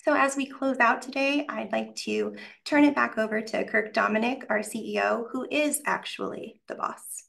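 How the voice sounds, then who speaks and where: A woman reads prepared announcements over a video call, her voice full of heavy vocal fry. Her delivery is smooth and polished, in the manner of a scripted host. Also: a little high, fairly even intonation, moderate pace, hardly any pauses, a bit bright. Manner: polished, reading prepared remarks. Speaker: event host from the organization.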